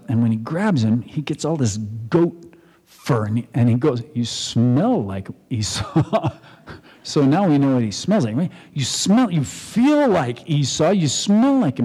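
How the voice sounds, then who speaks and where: A man's voice: mid-range voice, dark tone, breathy edge. Man preaching casually in a reverberant hall. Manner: conversational storytelling, acts out quotes. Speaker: pastor. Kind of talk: sermon. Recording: long reverb in a large hall.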